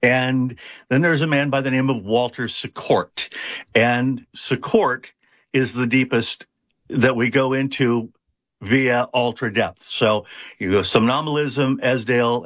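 A man's voice: medium pitch, fairly bright tone, no echo, clean studio sound. A man who runs a hypnosis practice, explaining his methods in an interview with frequent fillers and restarts. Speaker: hypnotist, founder of a hypnosis center. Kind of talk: conversational interview answers.

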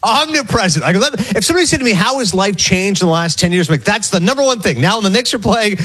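A man's voice: high voice, expressive, fast, fairly bright tone, breathy edge. A man co-hosting a sports radio show, telling a long rambling story in casual chat and acting out the quotes.

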